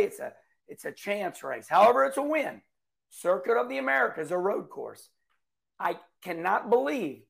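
Gravelly, high-pitched man. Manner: folksy, animated storytelling with acted-out quotes. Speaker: racing commentator. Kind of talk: casual monologue.

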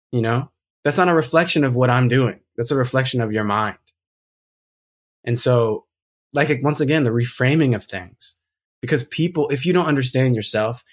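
A man talking as a podcast guest in casual conversation, earnest and emphatic, reflecting at length. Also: mid-range voice.

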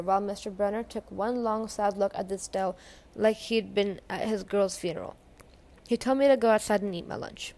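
A woman's voice: medium pitch, a little mellow. A woman reading a novel aloud in a casual, first-person storytelling way. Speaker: audiobook reader.

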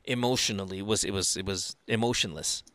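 A man's voice: lowish voice, fairly quick, a bit bright, dry recording. A male host of a call-in advice podcast, brash, crude and teasing with his callers. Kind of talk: call-in advice show banter.

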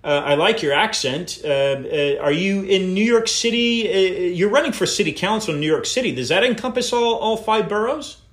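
A man's voice: high-pitched, lively intonation, normal speed, hardly any pauses, a bit bright, echoey room. A man hosting an interview show, speaking hesitantly with many filler words. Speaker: show host.

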